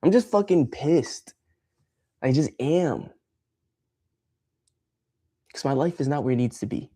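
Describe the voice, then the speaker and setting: A man's voice: mid-range voice, expressive, slow, warm tone, slightly rough. A man ranting on a casual livestream, frustrated and swearing freely as he rambles. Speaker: streamer.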